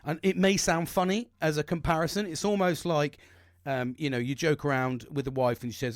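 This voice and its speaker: Male podcast host, forties, slightly high voice, rambles and swears freely, dry close sound. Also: fairly even intonation, brisk, no echo. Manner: rambling, heavy swearing, frank and self-mocking. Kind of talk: solo podcast monologue.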